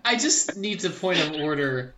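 A man's voice: a little high, normal speed, a loud crowd. A man playing a tabletop role-playing game with friends, chatting casually and laughing often. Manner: laughs a lot, lively and animated. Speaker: tabletop player.

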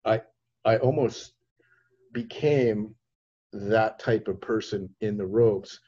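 Male podcast host, low husky voice, lively storyteller who acts out scenes, dull lo-fi audio. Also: slow. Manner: expressive, acts out voices in his anecdotes. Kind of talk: animated storytelling in conversation.

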